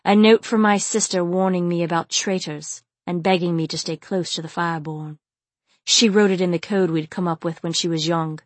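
A woman reading the part of a stern male djinn warrior, speaking quietly and grimly. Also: on the low side, fairly even intonation, normal speed, no room sound, natural voice. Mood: earnest. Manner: quiet and grim. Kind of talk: audiobook character reading.

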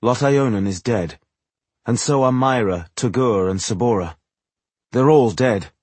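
A man voicing a stern, commanding woman mage in an audiobook, speaking grimly and forcefully. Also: mid-range voice, a little slow, dry recording, lightly acted. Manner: grim, clipped, forceful.

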